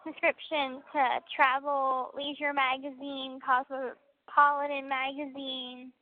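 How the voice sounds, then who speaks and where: High-voiced woman on a tinny phone line. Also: little pitch movement, slow, no echo. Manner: chatty, laughs often, many fillers. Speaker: inmate on a prison call. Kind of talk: casual phone chat.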